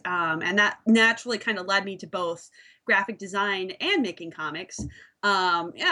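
A woman's voice: medium pitch, sharp tone. A woman webcomic creator talking earnestly on a panel, reflective and full of ums. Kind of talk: casual panel chat.

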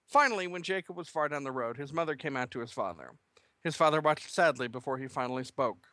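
A man's voice: medium pitch, brisk, bright, forceful tone, no echo. A man co-hosting a writing podcast who chats casually and reads a comic short story aloud, laughing often. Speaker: podcast co-host and writer. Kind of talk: casual chat and story reading.

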